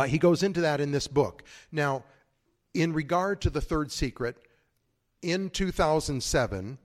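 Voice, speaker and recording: A man who is a priest, giving a conference talk in a conversational, digressive way with frequent asides. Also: on the high side.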